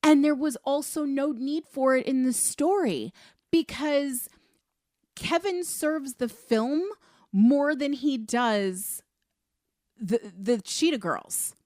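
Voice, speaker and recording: A woman's voice: high-pitched, slow, darkish tone, dry recording, clean studio sound. A woman co-hosting a podcast in casual film review chat, emphatic and exasperated, speeding up when heated. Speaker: podcast co-host.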